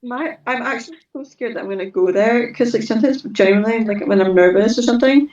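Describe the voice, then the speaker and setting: Teen girl co-hosting, rambly and giggly, bit high, roomy and dull off-mic sound. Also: quick pace, a little mellow, distant mic. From Scotland. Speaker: co-host. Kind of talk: casual chat.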